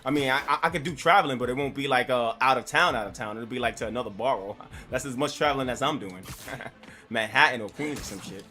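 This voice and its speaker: A man's voice: mid-range voice, fast, bright, forceful tone. A young man, chatting casually while streaming a game, rambling and swearing with self-mocking laughs. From New York. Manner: rambling, profane, laughs at himself. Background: game music.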